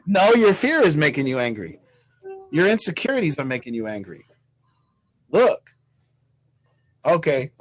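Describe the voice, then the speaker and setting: A man's voice: sits high, big pitch swings, normal speed, pauses often, low-quality recording. A man leading a recovery support group on a video call, talking bluntly and swearing freely, acting out what others might say.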